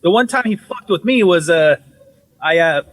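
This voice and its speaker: A man telling ghost stories on a podcast in an animated, profane, casual way. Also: sits high, moderate pace, rough recording. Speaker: podcast guest. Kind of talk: casual storytelling.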